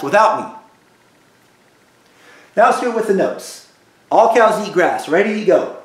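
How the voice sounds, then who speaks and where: A music teacher drilling students through call-and-response practice, patient and repetitive. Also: male voice, high voice, animated, normal speed, echoey room. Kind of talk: recorded music lesson for students.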